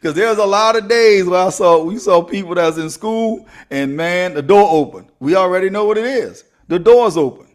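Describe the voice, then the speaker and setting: A man's voice: high-pitched, normal speed, hardly any pauses. A middle-aged man hosting a motivational podcast, preachy and joking with his listeners. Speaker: podcast host.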